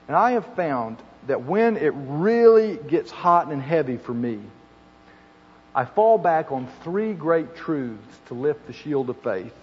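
A middle-aged man preaches a sermon in a slightly high, darkish voice with a breathy edge. Earnest throughout, he builds to emphatic, repeated phrases, captured in a muffled hall recording with long reverb.

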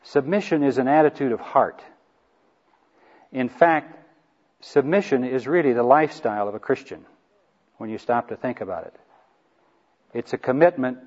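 A man's voice: mid-range voice, a little mellow. A man giving an earnest Bible teaching on marriage to a group, stressing key lines by repeating them. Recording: dull lo-fi recording.

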